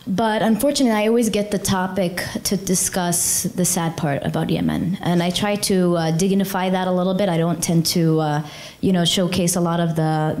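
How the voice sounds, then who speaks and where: A woman's voice: fairly low pitch, slight background noise. Earnest young woman telling her story. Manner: earnest and conversational, many fillers, lively retold dialogue. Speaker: charity chairperson and guest speaker. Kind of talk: personal storytelling talk to a community audience.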